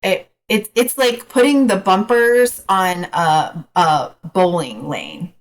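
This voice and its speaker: A woman coach as a podcast guest, talking frankly in a casual, hesitant way with many pauses. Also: medium pitch, low-quality recording. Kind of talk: casual interview chat.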